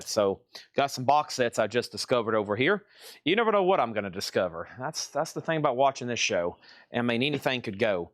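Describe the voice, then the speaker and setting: A man's voice: mid-range voice, a bit bright, no room sound, clean studio sound. A man hosting a live-stream vinyl record sale, chatting casually as he reels off prices, grades and bidder names. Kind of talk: live-stream auction chat.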